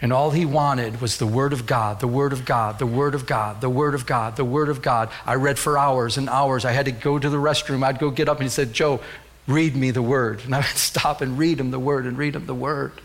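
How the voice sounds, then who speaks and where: A man's voice: mid-range voice, fairly even intonation, brisk, hardly any pauses. A middle-aged man preaching a sermon as pastor, telling a personal story and rising to fervent calls to the congregation.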